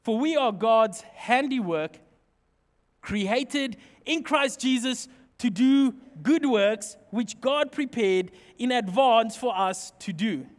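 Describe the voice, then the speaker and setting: Pastor guy, really high voice, preaching and cracking stories, big echoey church hall. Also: takes it slowly. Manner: leads prayer, then tells lively anecdotes to the congregation. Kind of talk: sermon with humorous personal stories. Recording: long hall reverb.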